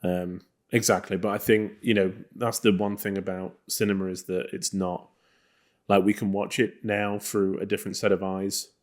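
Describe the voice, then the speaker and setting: A man's voice: deep voice, moderate pace. A man co-hosting a film podcast, chatting casually about old movies with a loose, rambling manner and lots of fillers. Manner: relaxed, rambling, many fillers. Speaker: podcast co-host. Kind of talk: casual film review chat.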